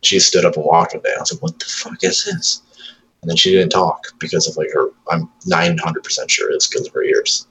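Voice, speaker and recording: A man's voice: low-pitched, level tone, a little fast, few pauses, sharp tone, low-quality recording. A man in his thirties on casual chat, telling profane stories about his toddler and acting out her lines.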